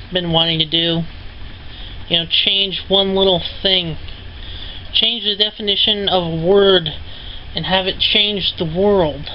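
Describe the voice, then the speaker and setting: A man's voice: high-pitched, dull audio, slight background noise. A man vlogging in a rambling, profane monologue, full of fillers and little laughs. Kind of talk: rambling casual monologue to camera.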